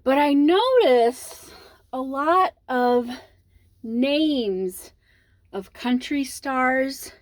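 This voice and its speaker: A young woman with a Midwestern accent rambles through a casual vlog, her voice sitting a little high. She talks slowly, drifting between thoughts and trailing off with ums. The recording is close and dry, with no room sound. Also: lively intonation, dry recording. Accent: Midwestern American. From American Midwest. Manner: rambling, meandering, many ums and trailing pauses. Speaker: vlogger.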